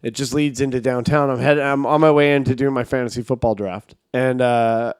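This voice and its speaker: A man, co-hosting a comedy podcast and telling a story in a lively, profane, self-mocking way. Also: mid-range voice, a little fast, clear, resonant tone, dry recording, clean studio sound. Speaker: podcast co-host.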